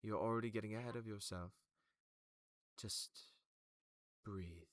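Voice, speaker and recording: Guy doing a soft calm elf lady, dry close sound. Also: on the low side, a little slow, no echo, natural voice. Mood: soothing. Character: calm tall elven woman, soothing.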